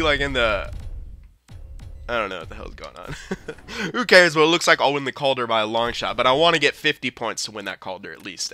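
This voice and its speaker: A man giving casual, excitable commentary over his own hockey video game play, often swearing and laughing. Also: medium pitch, dry recording. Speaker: video game let's-player.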